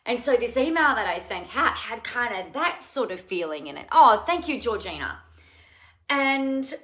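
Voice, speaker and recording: A bright, forceful woman from Australia talks casually on her live stream at home, rambling from thought to thought and calling out viewers by name. The room gives her voice a clear echo. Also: on the high side, big pitch swings, moderate pace. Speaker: live show host.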